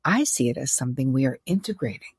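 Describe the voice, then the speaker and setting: A woman's voice: a bass voice, lively intonation, quick pace, a little mellow, husky, no room sound, clean studio sound. A woman hosting a podcast interview, talking in a reflective, chatty way with frequent restarts. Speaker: podcast host. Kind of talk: conversational interview.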